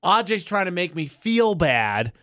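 A man's voice: high-pitched, very animated, a little slow, fairly bright tone, no room sound. Chatty male radio host, dry studio sound. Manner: chatty, laughs often, squeamish. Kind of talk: casual radio banter.

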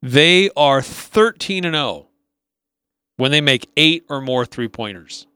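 A man's voice: on the high side, animated, slow pace, pushed and bright, clean tone, no echo. A man co-hosting a sports talk radio show, upbeat and rattling off team stats with small restarts. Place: radio studio.

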